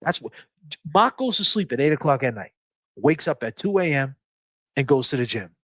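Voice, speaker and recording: A man's voice: medium pitch, big pitch swings, brisk, a bit bright, dry recording. A man hosting a livestream in casual talk. He is emphatic and profane, preaching and repeating his phrases for force. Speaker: livestream host.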